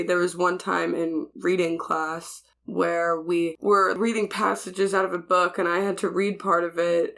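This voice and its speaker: A young woman with an American accent, telling a story in relaxed, casual chat. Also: on the low side, creaky. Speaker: guest, host's daughter.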